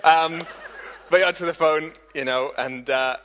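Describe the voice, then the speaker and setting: A man's voice: on the high side, moderate pace, fairly bright tone. A man giving a casual, humorous church talk, full of fillers and restarts as he chats with the congregation. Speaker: preacher.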